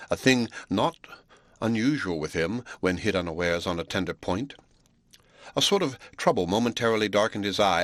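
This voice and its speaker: Low-voiced man reading a classic novel. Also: a bit bright, no echo. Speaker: audiobook narrator. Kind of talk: scripted narration of a classic novel.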